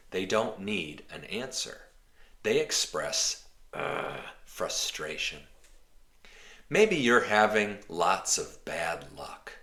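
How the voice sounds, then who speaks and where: A man teaching an English lesson slowly and clearly, rephrasing each example in simple words. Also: low-pitched, bright, forceful tone. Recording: roomy echo.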